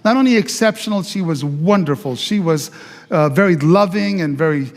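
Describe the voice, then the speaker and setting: High-voiced pastor telling his testimony. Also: lively intonation, normal speed, in a large hall. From Italy. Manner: conversational, chatty with fillers and audience asides. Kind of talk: testimony sermon storytelling. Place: church sanctuary.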